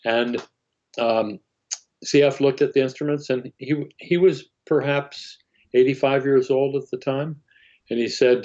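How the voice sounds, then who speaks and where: An older man, a guest in an interview, telling a long anecdote in a halting way, full of fillers and restarts. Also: mid-range voice, fairly even intonation, a little mellow. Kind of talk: anecdotal storytelling. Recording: muffled lo-fi audio.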